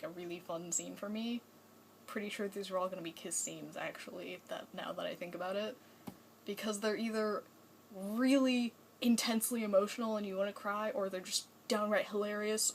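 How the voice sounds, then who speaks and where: Young woman vlogger, mid-pitched, chatty and gushing, loose rambling delivery. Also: slight background noise, low-quality recording. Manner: chatty and rambling, many "like"s and restarts; gushing, enthusiastic. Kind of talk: casual fan vlog.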